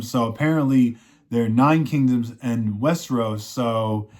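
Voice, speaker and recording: A man's voice: medium pitch, fairly even intonation, a little slow, a little mellow. A man giving a casual, rambling recap and review of a TV series, leaning on filler phrases and ending with an effusive, upbeat sign-off. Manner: rambling, leans on "you know" and "he's like". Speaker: TV show reviewer.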